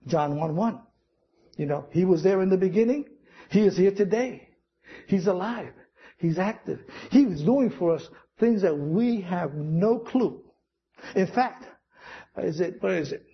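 A man's voice: high-pitched, expressive, measured pace, dull audio. A man preaching a sermon, telling stories with acted-out quotes and chuckling as he goes. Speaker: pastor.

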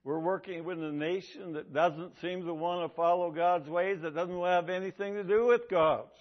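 High-voiced man preaching a sermon. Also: moderate pace. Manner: emphatic, repeats key lines for effect. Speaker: pastor. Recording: dull lo-fi recording.

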